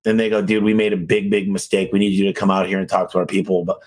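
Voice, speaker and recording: A man who owns a garage door business, telling energetic stories in a podcast conversation. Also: low-pitched, quick pace. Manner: energetic storyteller, acts out phone calls.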